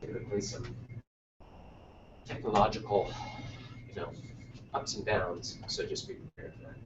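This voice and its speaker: A man's voice: on the low side, huge pitch swings, brisk. A man teaching a Greek class, patiently prompting his students with many small acknowledgements. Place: classroom linked to another campus by video. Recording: roomy, distant, muffled and noisy classroom recording.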